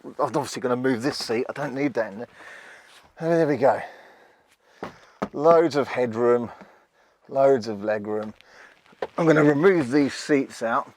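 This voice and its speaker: A man chatting casually in a wry, self-mocking way while showing off the inside of a passenger van. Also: medium pitch. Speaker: van reviewer. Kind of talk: casual hands-on vlog demo.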